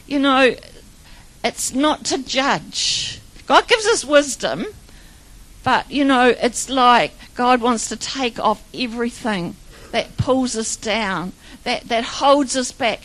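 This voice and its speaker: A woman's voice: fairly high pitch, fairly bright tone, low-quality recording. A middle-aged woman giving an informal sermon full of personal stories, chatty and rambling, often laughing. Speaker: preacher.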